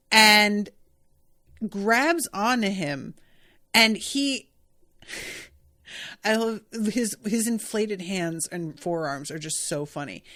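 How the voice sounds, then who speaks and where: A young woman hosting a podcast, casually recapping an episode in an animated, giggly way. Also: medium pitch. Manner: giggly, animated storytelling with frequent laughter. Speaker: podcast host.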